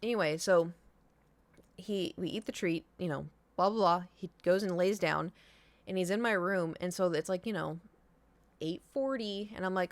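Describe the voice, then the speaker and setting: A woman's voice: fairly low pitch, moderate pace, no room sound. A young woman streamer telling a long personal story in casual chat, rambling with many fillers and restarts.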